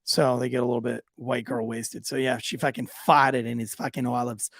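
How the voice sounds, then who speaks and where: A man, a former police officer, co-hosting a podcast and telling profane, animated stories in casual chat. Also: mid-range voice, a little fast, vocal fry, no echo, clean studio sound.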